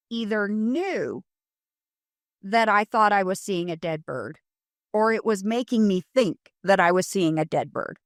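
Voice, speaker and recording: Middle-aged woman, from Colorado, casual interview storytelling, animated, lots of fillers, mid pitch, dry close sound. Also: no room sound. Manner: animated, acts out quotes, many fillers. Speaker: paranormal investigator guest.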